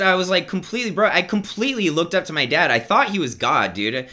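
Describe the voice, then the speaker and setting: A man in his thirties tells a long personal story in a loose vlog style. His voice sits fairly high and has a tense, bright edge. He rambles, stumbles, repeats words and calls his viewers "dude". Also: sing-song, fast talker, hardly any pauses. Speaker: vlogger.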